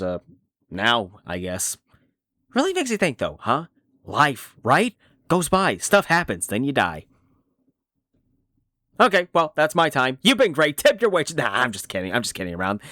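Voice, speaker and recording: A man's voice: mid-range voice, a bit bright, no room sound, clean studio sound. A man doing a sardonic washed-up horse, BoJack. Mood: awkward joking. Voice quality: sardonic, rambling, self-deprecating. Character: cynical middle-aged male horse, washed-up star. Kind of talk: fan voice dub of animated series.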